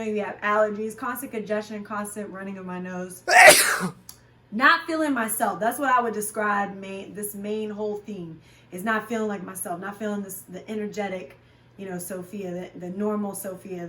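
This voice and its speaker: A woman's voice: mid-range voice, a bit bright, slight background noise. A woman fitness instructor talking frankly and casually to her viewers, chatty and loose with fillers. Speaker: fitness vlogger and class instructor. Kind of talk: candid casual chat. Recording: roomy sound, voice from a distance.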